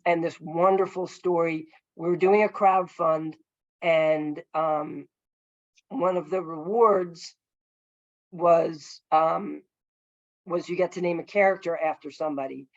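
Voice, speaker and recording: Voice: mid-range voice, steady tone, slow pace, no room sound, highs cut off. A filmmaker telling a long story over a video call, earnest and rambling, with many fillers and restarts. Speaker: filmmaker guest.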